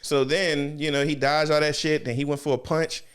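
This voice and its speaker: A man co-hosting a podcast, casually reviewing anime episodes with a lot of laughter and quick acted-out bits. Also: a little high, smooth. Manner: animated, laughing, acts out scenes in quick bursts. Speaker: podcast co-host.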